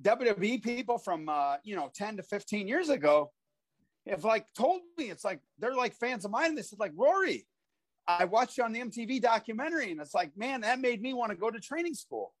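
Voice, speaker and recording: A man in his forties with a notably high voice tells animated stories of his wrestling days and acts out the voices of the people in them. The sound is dry and close, with no room echo. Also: moderate pace. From Iowa, USA. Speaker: podcast guest, former pro wrestler. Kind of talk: casual interview storytelling.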